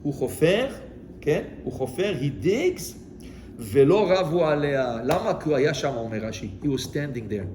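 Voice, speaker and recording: Rabbi teaching a lively lesson, rapid and high-pitched, acts out every quote. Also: male voice, noisy background. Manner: animated storyteller, acting out quotes. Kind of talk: Torah lesson mixing Hebrew and English.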